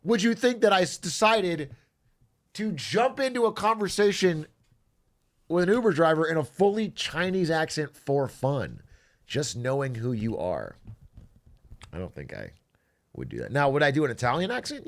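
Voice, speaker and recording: A man's voice: fairly high pitch, sing-song, moderate pace. A young man chatting casually on his stream, sarcastic and laughing often.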